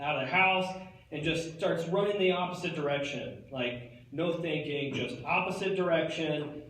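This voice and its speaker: A young man delivers a comic monologue on stage, his talk loose and rambling and packed with "like" and "dude". His voice sits a little high for a man. It carries from a distance through a strongly echoing hall with a faint hiss of noise underneath. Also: fairly bright tone. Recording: echoey hall picked up from far off.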